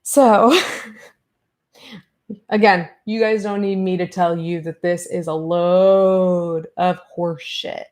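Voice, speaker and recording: A woman hosting a commentary podcast, retelling an online feud in an animated, fired-up way and acting out the exchanges. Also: fairly low pitch, slow pace. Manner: animated, fired-up retelling with quoted back-and-forth. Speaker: podcast host.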